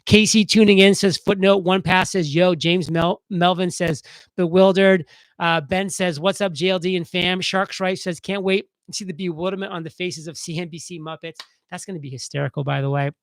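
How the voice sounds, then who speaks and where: A man hosting a casual live stream, talking fast and excitedly as he reads viewer comments aloud. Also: high-pitched, poor audio.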